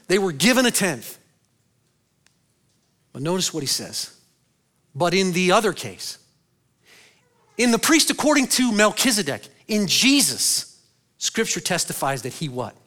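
A male pastor delivers a dynamic sermon in a bright, fairly high voice. He swings from loud, soaring bursts down to hushed, low lines. He keeps asking the congregation questions and answering them himself.

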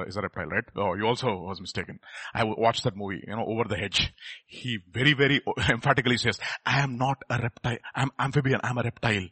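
A man preaching a sermon, firing rhetorical questions at the congregation and swinging from quiet asides to loud, emphatic peaks. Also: medium pitch, breathy edge, dry recording.

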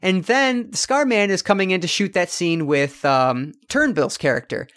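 A man's voice: sits high, expressive, moderate pace, fairly bright tone. A man co-hosting a casual film review podcast, talking in a rambling way with many fillers and restarts. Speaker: podcast co-host.

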